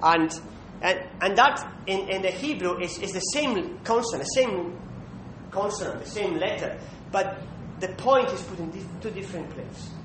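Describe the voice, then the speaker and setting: A man preaching a sermon, emphatic, pausing to check in with listeners with a questioning "hmm". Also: lively intonation. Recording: echoey room with faint rumble.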